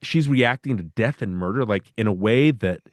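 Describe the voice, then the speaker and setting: A man's voice: on the low side, expressive, normal speed, no echo, studio quality. Rambling enthusiastic male podcast host. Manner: enthusiastic, rambling with restarts and acted-out quotes. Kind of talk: casual film discussion.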